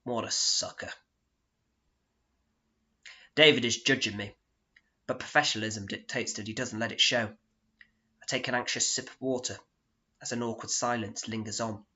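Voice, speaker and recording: A man performing a solo theatre monologue, narrating in a deadpan, sardonic, self-mocking way, on a dull lo-fi recording. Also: medium pitch, moderate pace.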